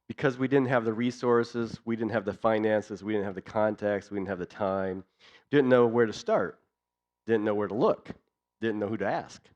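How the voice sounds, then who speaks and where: A man's voice: lowish voice, moderate pace, a little mellow. A man giving a church missions talk in an earnest way, building his points through repeated lists, in a dull lo-fi recording. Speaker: missions speaker.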